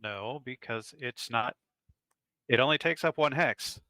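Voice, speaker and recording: Gravelly, bright-voiced gaming man. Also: mid-range voice, unhurried, no room sound. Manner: questioning, wry and argumentative. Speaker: player. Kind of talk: tabletop game chat.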